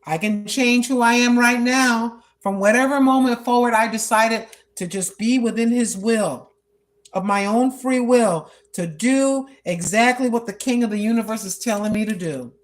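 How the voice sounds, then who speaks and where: A woman's voice: a little high, moderate pace. A woman in her sixties vlogging on a walk, speaking earnestly about prayer in a repetitive, preacherly way. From United States. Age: 60s. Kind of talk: spoken prayer and testimony while walking. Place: outdoors on a walk.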